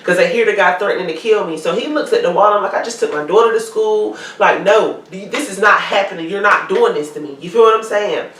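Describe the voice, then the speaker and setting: A woman guest telling her own story in a casual, animated way. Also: mid-range voice, quick pace, few pauses, slight background noise. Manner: animated, acts out quoted voices. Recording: echoey room, distant mic.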